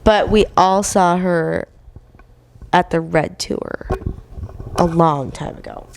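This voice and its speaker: A woman guesting on a casual podcast, giving brief, low-key answers. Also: slow pace, vocal fry. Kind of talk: casual chat.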